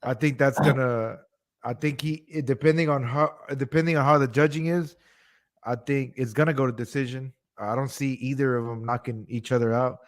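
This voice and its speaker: A man's voice: mid-range voice, fairly even intonation, moderate pace. A man, a boxing coach co-hosting a podcast, teasing and swearing, with stammered restarts. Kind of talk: casual chat.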